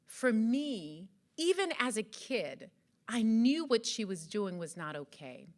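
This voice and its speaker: Animated woman speaker from Jamaica. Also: medium pitch. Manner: earnest, rhetorical questions, animated. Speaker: event speaker. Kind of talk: motivational speech to an audience. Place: event hall.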